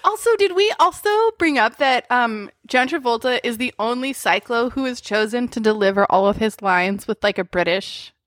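A woman co-hosting a casual movie recap podcast, chatty and quick to laugh. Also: fairly high pitch, animated, a bit bright, dry recording, clean studio sound. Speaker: podcast co-host.

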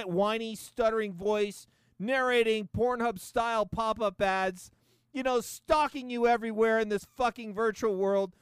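Casting: male podcast host, high, smooth voice, profane sarcastic rant, dry close sound. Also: fairly bright tone, dry recording. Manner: profane, sarcastic, laughing often. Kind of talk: casual comedic rant.

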